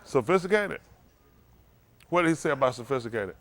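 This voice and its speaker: A man hosting a casual trivia game, joking with the teams and getting animated when he argues his point. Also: brisk. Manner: animated, jokey, rising to high exclaims. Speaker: quiz host.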